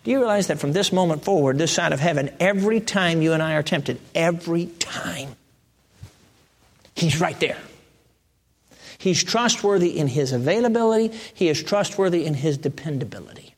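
A man preaching a sermon in a conversational way, jumping to emphatic high peaks and then dropping to soft, hushed lines. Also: lively intonation, fast, hardly any pauses. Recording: long reverb of a large hall.

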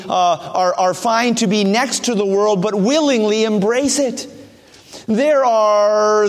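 High-voiced preacher in a reverberant hall. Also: male voice. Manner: earnest, emphatic, with dramatized quotes. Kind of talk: sermon.

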